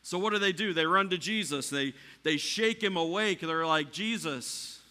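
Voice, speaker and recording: A man preaching in a church with a bright, forceful voice pitched a touch high. He builds to near shouting at the peaks, then drops low and quiet for the calm lines. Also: moderate pace, clean tone. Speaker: pastor. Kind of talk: sermon.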